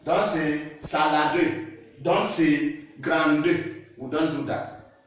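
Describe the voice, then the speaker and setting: A man teaching slowly and patiently, with a fairly high voice. He repeats every word and keeps checking that the listener follows. He sounds far from the mic, in a very echoey room with faint noise behind him. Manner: slow, repeats words and checks understanding. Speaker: French teacher. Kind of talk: classroom-style language lesson.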